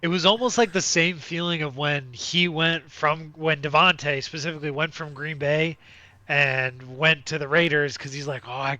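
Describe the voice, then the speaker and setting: A man's voice: fairly high pitch, steady tone, moderate pace, bright, forceful tone, no room sound. A man co-hosting a casual sports podcast, rambling with lots of fillers and restarts. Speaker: podcast co-host.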